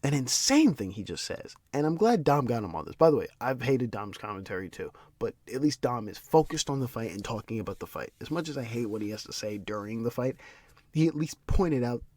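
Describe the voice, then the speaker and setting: Man, podcast host, heated profane rant, repeats himself, swinging pitch, dry close sound. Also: sing-song, fairly quick, darkish tone, dry recording. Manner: repeats words and restarts in frustration. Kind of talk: solo commentary podcast.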